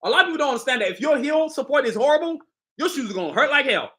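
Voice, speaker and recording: Hyped bright-voiced man showing off sneakers. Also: very high-pitched, big pitch swings, rapid-fire. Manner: hyped, boastful street slang, addresses viewers directly. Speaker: sneaker designer and channel host. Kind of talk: casual live stream showcase.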